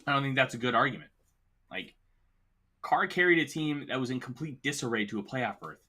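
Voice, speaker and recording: Male sports podcast host with the hiccups, bright and forceful, emphatic and opinionated. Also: medium pitch, expressive, a little fast, slightly rough. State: has the hiccups. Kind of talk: casual sports talk.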